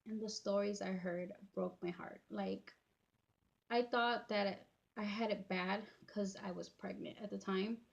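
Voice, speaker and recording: A vlogger in her thirties shares a personal story with her viewers, sounding tearful, her speech halting with fillers and restarts. Her medium-pitched voice has a gravelly edge and a steady tone. The recording is muffled.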